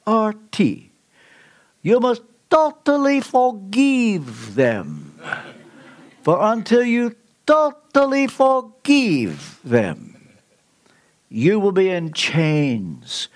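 A man voicing an older Romanian friend with a Romanian accent, giving firm, slow counsel. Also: high voice, huge pitch swings, voice pushed up, exaggerated voice. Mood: firm urging.

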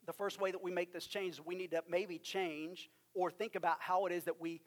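A man with a West Texas accent preaching a sermon, emphatic, with drawn-out stresses and rhetorical questions. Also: high voice, little pitch movement. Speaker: pastor.

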